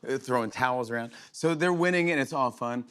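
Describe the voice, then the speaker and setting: A middle-aged man hosting a late-night show, telling a rambling, excited story full of restarts and fillers. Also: medium pitch, a little fast, clear, resonant tone. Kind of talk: monologue, storytelling chat. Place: TV studio with live audience.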